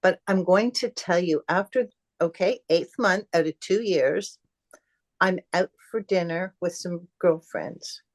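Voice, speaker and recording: A woman's voice: fairly low pitch, a little slow. Middle-aged woman telling her story. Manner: animated, acts out quoted dialogue. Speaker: podcast guest. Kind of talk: casual conversational storytelling.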